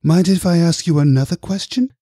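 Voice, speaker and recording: A man voicing a sharp, calculating female agent and psychologist in her forties in an audiobook, probing and measured. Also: a little high, husky, dry recording, studio quality, voice pushed up. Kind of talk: audiobook character voice.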